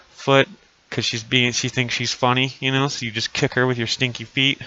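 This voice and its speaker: A man's voice: mid-range voice, little pitch movement, normal speed, bright, forceful tone, clear, resonant tone, dull audio. A man in his thirties chatting crudely and jokingly with viewers during a live stream, wearing a costume mask. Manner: crude, profane, joking banter. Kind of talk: casual live-stream chat. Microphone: desk mic, voice muffled little by a costume mask.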